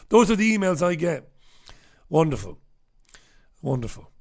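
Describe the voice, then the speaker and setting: A man's voice: on the high side, big pitch swings, normal speed, darkish tone. A man hosting his own show, chatting casually and sardonically through viewer comments, profane and rambling. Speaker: host of his own radio show and livestream. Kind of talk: casual livestream chat reading viewer comments.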